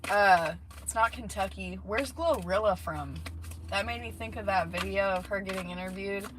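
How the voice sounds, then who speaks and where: Sitting in a parked car, a woman tarot reader gives a casual, rambling reading full of fillers and asides. Her voice is mid-range at a moderate pace, with faint background noise.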